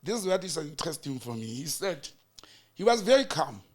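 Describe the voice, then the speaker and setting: A man's voice: on the high side, very animated, a little fast. A South African man in a political chat show, retelling a heated hearing and acting out each side's words with rising emphasis. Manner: storytelling, acting out quoted exchanges with rising emphasis. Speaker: political commentator.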